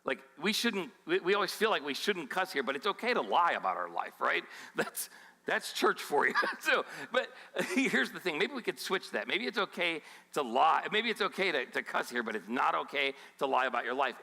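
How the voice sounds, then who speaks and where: A man's voice: on the high side, sharp tone. A male pastor preaching a sermon in a candid, conversational way, with asides to the congregation. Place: church auditorium. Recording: long reverb of a church hall.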